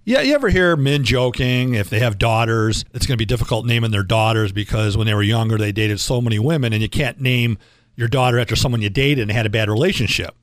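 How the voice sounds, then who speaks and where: A man's voice: mid-range voice, quick pace, no room sound, studio quality. Chatty man hosting a radio show. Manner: joking, chatty, plugs local spots. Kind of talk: casual radio banter.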